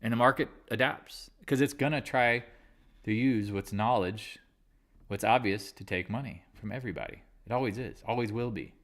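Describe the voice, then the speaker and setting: A man's voice: lowish voice, moderate pace, fairly bright tone. A man hosting a live market chat, talking candidly and rambling, with casual swearing. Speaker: livestream trading host.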